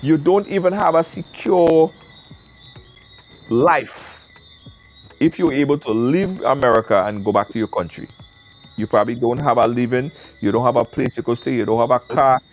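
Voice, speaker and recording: A man from the Caribbean with a mid-range voice speaks at a moderate pace, hosting a live call-in show outdoors as wind blows. His manner is casual, animated and emphatic, with frequent repetition of words.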